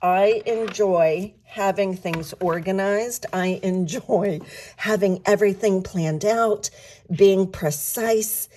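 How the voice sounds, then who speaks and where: A woman vlogging about budgeting in a casual, upbeat way, counting bills aloud, her voice a little rough from the early morning. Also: mid-range voice, slow pace, dark tone. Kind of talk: casual chat to viewers.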